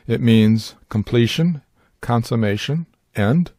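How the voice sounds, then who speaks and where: A man with a lowish, mellow voice leads a scripted Bible word study. He speaks in a measured, deliberate way and sounds out Greek terms carefully. The voice is recorded dry and close, with no room sound. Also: no room sound. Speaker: Bible teacher.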